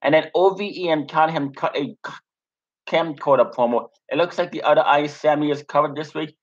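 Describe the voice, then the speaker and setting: Speaking briskly in a fairly high, steady voice, a young man reviews wrestling in a loose, rambling recap. The lo-fi mic sounds muffled, and his talk is packed with ums, fillers, and restarts.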